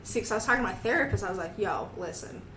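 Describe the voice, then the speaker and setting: A woman's voice: medium pitch, very fast, crowd noise. A young adult woman co-hosting a podcast, chatting casually in a giggly, rambling, self-mocking way. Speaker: podcast co-host. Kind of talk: casual chat. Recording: echoey room, faint ambient noise.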